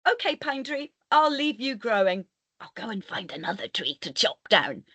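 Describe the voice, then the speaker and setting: A woman's voice: a little high, very animated, moderate pace, bright, forceful tone, husky, dry recording, heavily acted. A woman voicing a stubborn young male woodcutter in a children's story, talking in a brash, dismissive way.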